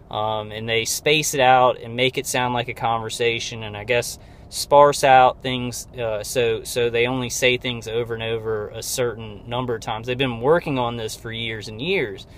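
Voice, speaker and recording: A man giving a rambling personal video update from inside his car, halting with many fillers and restarts, strained and close to tears. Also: mid-range voice, a bit bright. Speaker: video diarist.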